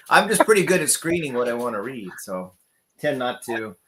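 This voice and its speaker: A man guest on a video call, soft-spoken and apologetic, often trailing off. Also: medium pitch, very animated, moderate pace, a crowd in the background. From Japan. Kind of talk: casual chat.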